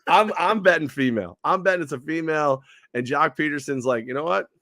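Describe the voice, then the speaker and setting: A man co-hosting a sports radio show in casual chat, animated, laughing often and repeating himself as he builds a point. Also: a little high, brisk, no echo, studio quality.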